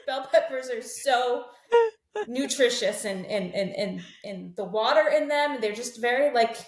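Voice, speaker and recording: A woman's voice: a little high, measured pace, reverberant. A woman co-hosting a podcast in casual chat, thoughtful and agreeable, trailing off as she talks. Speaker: podcast co-host.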